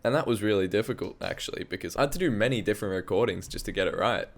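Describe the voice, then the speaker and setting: Talking very fast in a lowish, gravelly voice, an Australian hobby music producer casually walks through his song project on a screen recording from his home studio, swearing and mocking himself along the way.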